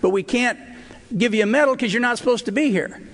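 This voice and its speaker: A man's voice: very high-pitched, quick pace, fairly bright tone. An older man sharing his personal recovery story at a meeting, earnest and emotional, with wry asides. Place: hotel meeting hall. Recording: reverberant hall recording.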